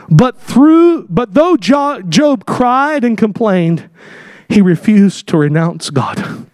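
A man delivering a fervent sermon in a very high voice, building to shouted scripture readings in old-fashioned wording. The sound is dry and close, with no room echo. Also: sing-song, measured pace. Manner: impassioned, rising to shouts on scripture. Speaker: preacher.

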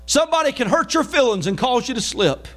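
A high-pitched preacher delivers his sermon with shouted peaks. He then drops into quick, low, chatty asides to the church. The voice stays pitched far above most men's throughout. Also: sing-song. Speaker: pastor.

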